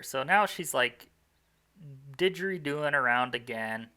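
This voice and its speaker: Gravelly, bright-voiced man rambling over gameplay. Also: medium pitch, moderate pace. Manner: rambling, self-mocking, with many fillers and restarts. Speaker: speedrunner commentating his own run. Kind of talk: casual gameplay commentary.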